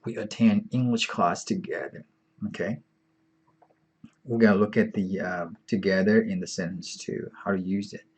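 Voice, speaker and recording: Teaching beginner Chinese online, a man speaks with a fairly low, steady, husky voice. He takes his time and patiently repeats each word several times.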